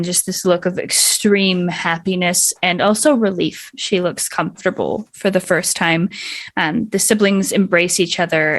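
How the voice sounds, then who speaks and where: A woman's voice: fairly low pitch, dry recording. A woman narrating a tabletop game as game master, descriptive, with fillers.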